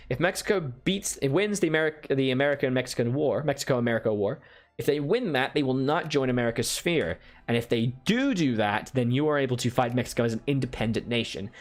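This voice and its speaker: A man giving casual commentary as he plays a strategy game on a stream, explaining his moves, answering viewer chat and tossing in playful asides. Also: medium pitch.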